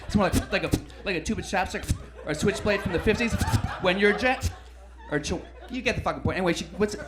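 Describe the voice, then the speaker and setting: A brash male stand-up comedian with a fairly high voice delivers crude material. He swings from loud, punchy bursts to low, throwaway mutters. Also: fast. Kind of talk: stand-up routine.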